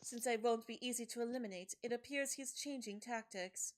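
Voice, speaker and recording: A woman's voice: a little high, a little fast. A woman streamer reading a game's story text aloud, stumbling and correcting herself, with asides. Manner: reads story text with frequent slips and self-corrections. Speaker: let's play streamer.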